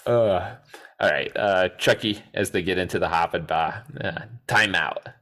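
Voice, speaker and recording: A man's voice: low-pitched, moderate pace. A man co-hosting a podcast, chatting casually about a film, laughing easily and poking fun at himself. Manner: laughs easily, lively and self-deprecating. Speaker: podcast co-host. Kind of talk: casual chat about a movie.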